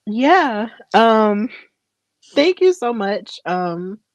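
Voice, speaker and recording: A woman's voice: on the high side, very animated, drawn-out words, dry recording. A woman co-host talking casually and gratefully as she wraps up a wrestling talk show, close to tears. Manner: warm, grateful, near tears. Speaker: podcast co-host. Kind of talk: casual show wrap-up chat.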